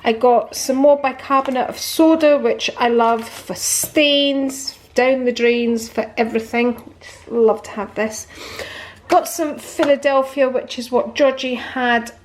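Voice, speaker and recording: A woman chats through a casual home vlog, walking through her purchases item by item. Her voice sits a little high for a woman. A faint hiss runs under the recording. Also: steady tone, measured pace, low-quality recording. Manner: chatty, showing off purchases item by item. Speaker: vlogger.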